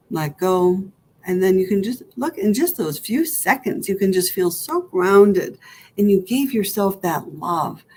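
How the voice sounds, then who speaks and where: A woman minister with an American accent leading a gentle guided meditation, soothing and slow, sometimes dropping to a soft whisper. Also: on the low side, vocal fry, slight background noise. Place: church hall.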